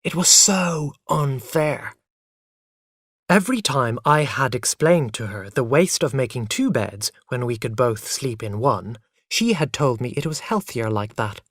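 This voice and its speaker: Man, storyteller, slow reading, animated pitch, dry close sound. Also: no echo. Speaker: narrator.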